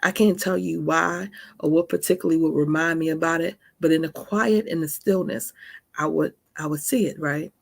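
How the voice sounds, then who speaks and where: Her voice is low-pitched and gravelly, with a steady tone at a normal pace. A faith podcast host in her forties, she gives an earnest, conversational account of her own testimony, tossing in "right?" often.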